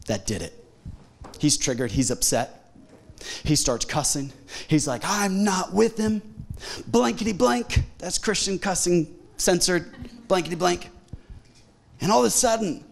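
Animated high-voiced male pastor preaching. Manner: animated, acts out quotes, jokes with congregation. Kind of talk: sermon. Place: church sanctuary.

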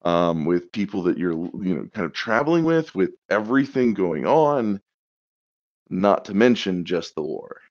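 A man's voice: sits low, big pitch swings, unhurried, highs cut off. A man running a tabletop campaign, chatting casually on a podcast and teasing the players about plot secrets. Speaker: dungeon master.

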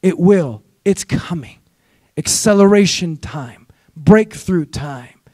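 A man with a notably high voice preaches with urgent, repetitive exhortations. He leads his listeners in call-and-response. The sound is dry and close. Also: animated, slow pace, warm tone, no room sound. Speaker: guest preacher. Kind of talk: sermon. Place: church sanctuary.

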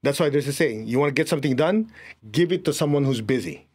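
Man, energy healing teacher, husky voice, instructive, guiding a room through exercises. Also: mid-range voice, lively intonation, fast, darkish tone. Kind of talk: guided group lesson.

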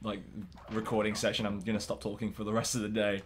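A man's voice: on the low side, completely flat delivery, fast talker. Chatty gamer man with a tired voice. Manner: chatty, laughs often, rambling. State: tired, strained voice. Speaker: let's play commentator. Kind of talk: casual gaming chat.

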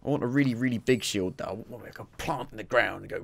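A man's voice: on the low side, fast talker, gravelly. A man giving casual, jokey commentary while streaming his playthrough, talking to himself as he plays. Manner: chatty, jokey, talks to himself while playing.

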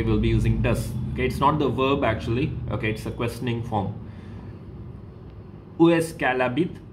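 A man's voice: mid-range voice, a little hiss or hum. A man teaching a French lesson to a school class, patient and repetitive, saying okay between steps. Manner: patient, repeats each example, says okay often.

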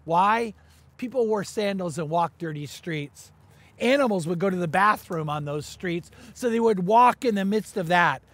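A man preaching a sermon as pastor, animated and quick to raise his voice for emphasis. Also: sits high.

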